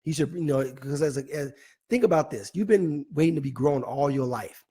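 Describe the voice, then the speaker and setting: A man hosting a live online talk show, playfully reading out viewer comments with animated, teasing asides. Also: on the high side, fairly quick, breathy edge. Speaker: host.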